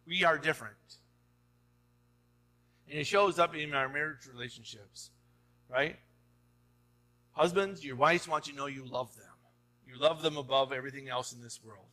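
This pastor's voice sits fairly high, bright and forceful. His sermon addresses the congregation conversationally, peppered with "right?", and it builds toward emphatic exhortation.

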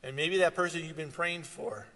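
A man preaching a sermon, swinging from loud, animated retellings to quiet, earnest asides. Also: on the high side, normal speed. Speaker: pastor. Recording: long reverb of a hall.

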